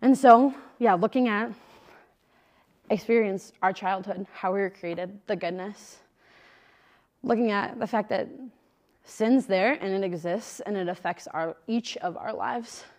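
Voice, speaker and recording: A woman's voice: mid-range voice, unhurried, a little mellow. A young woman missionary giving a conversational, emphatic faith talk, speaking straight to a live group.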